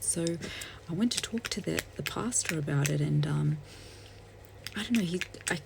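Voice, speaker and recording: A woman telling a story while doing her makeup, soft-spoken and hesitant, with many fillers and restarts. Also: low-pitched, lively intonation, moderate pace, gravelly, long pauses, very noisy. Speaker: beauty vlogger. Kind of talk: get-ready-with-me storytelling.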